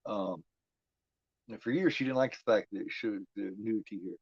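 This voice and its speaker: A man's voice: on the low side, moderate pace, creaky, darkish tone, husky, dry recording, lo-fi sound. A man giving casual, profane commentary while watching a movie, talking back at the screen.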